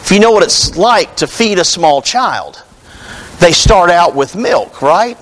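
Male pastor, high voice, unhurried, chatty storytelling sermon that talks straight to the church. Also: expressive, a bit bright, low-quality recording. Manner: conversational, storytelling, calls out to the congregation.

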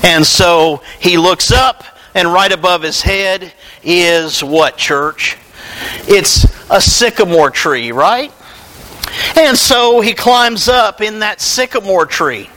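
A man preaching a sermon, animated and conversational, joking with his congregation. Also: high-pitched, takes it slowly, rough recording. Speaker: pastor.

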